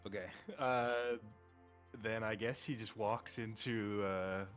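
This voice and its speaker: A man's voice: lowish voice, fairly even intonation, slow pace, faint music behind. A man playing in a tabletop game, talking casually and a little hesitantly. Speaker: player.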